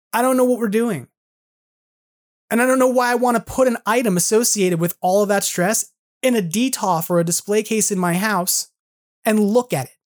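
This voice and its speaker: A man in his forties hosting a podcast, delivering an earnest, frustrated solo monologue full of casual fillers. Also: high-pitched. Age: 40s. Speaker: podcast host.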